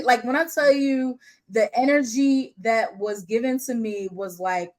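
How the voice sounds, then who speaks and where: A woman's voice: a little high, measured pace, darkish tone, low-quality recording. A woman business coach talking off the cuff to her audience, candid and slangy, laughing often as she tells a story. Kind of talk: casual unscripted teaching.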